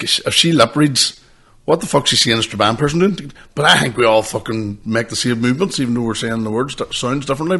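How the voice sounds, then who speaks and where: Man, young comic, gravelly and bright-edged, sweary rambling storyteller on a podcast. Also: mid-range voice. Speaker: podcast co-host, stand-up comedian. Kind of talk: casual chat.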